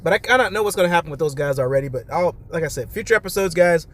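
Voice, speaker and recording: A man's voice: on the high side, animated, rapid-fire, a bit bright. A man hosting a podcast, casually recapping a reality show episode in a loose, chatty way and talking straight to his listeners.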